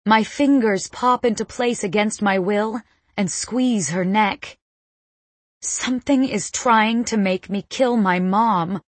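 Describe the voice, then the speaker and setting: A woman's voice: mid-range voice, slow, dry recording. A woman narrating a first-person audiobook with tense, dramatic storytelling.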